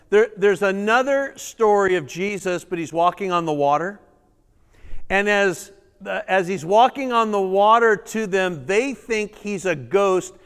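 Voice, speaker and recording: A male pastor preaching a sermon, reading scripture dramatically and breaking into animated asides to the congregation. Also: high-pitched, clean tone. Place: church sanctuary. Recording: reverberant church hall.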